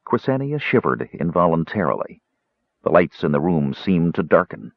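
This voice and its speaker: A man narrating an audiobook in an expressive, measured reading. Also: low voice, creaky, dry recording. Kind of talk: scripted narration. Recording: slightly muffled audio.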